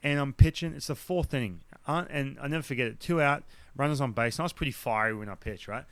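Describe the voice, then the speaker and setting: An Australian man tells a story in loose, casual talk, acting out the lines of the people in it. His voice sits at a middle pitch and is recorded close and dry, with no room sound. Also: quick pace, no echo. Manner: animated, acts out the dialogue of others; blunt, swears now and then. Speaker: podcast guest, former baseball pitcher.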